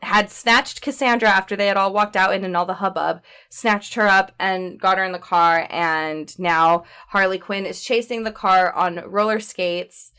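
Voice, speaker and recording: A woman co-hosting a podcast, recapping a movie in a chatty, animated way full of fillers and laughs. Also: mid-range voice, moderate pace, few pauses, clean tone. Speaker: podcast co-host. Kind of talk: casual chat recapping a movie.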